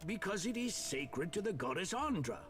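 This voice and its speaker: Game NPC: portly, jovial ex-bodyguard nobleman, booming and theatrical, lively sing-song delivery. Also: normal speed, faint music behind. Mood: boastful. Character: jovial portly middle-aged male noble, former royal bodyguard. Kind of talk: video game voice acting.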